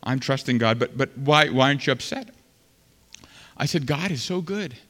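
A man preaching a sermon as pastor, swinging between loud fervent passages and quiet, earnest stretches. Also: mid-range voice, expressive, moderate pace. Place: large church sanctuary. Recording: long hall reverb.

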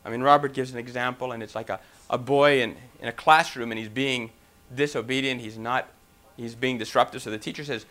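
A man's voice: mid-range voice, steady tone, a little fast, fairly bright tone. A man preaching a sermon, talking emphatically with rhetorical questions and a few restarts.

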